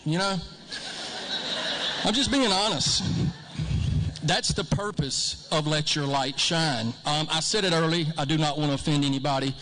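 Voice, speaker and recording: A man around fifty gives a folksy, repetitive motivational speech with joking asides. His voice sits a bit high for a man. It rings out with the long reverb of a large hall. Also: expressive, brisk, pushed and bright. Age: late 40s or 50s. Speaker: school district speaker.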